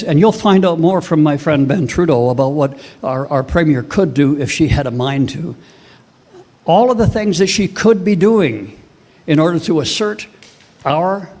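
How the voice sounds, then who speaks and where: Older male speaker, Canadian accent, slightly higher voice, emphatic rally-style political address. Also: a little mellow. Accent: Canadian English. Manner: impassioned, emphatic, rhetorical questions. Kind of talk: public political speech.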